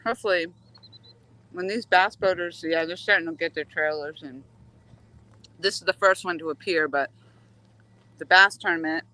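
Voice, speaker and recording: Bright-voiced woman chatting on a fishing stream. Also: on the low side, normal speed, pauses often, poor audio. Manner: chatty, coaxing the fish aloud. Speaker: fishing vlogger greeting live viewers. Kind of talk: casual live-stream chat. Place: outdoors by a dock on a coastal waterway.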